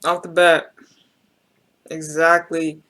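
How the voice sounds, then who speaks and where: A woman's voice: deep voice, level tone, slow, music in the background. A woman hosting a reaction video, talking in an emotional, reflective and casual way and speaking straight to her viewers with slang.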